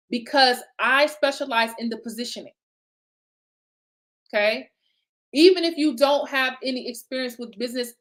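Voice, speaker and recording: A lively woman business coach leads a live online session in a chatty, encouraging way. Her voice sits a little high, and she talks as if straight to her group, often stopping to check they follow. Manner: lively, chatty, repeats "okay?" and "right?".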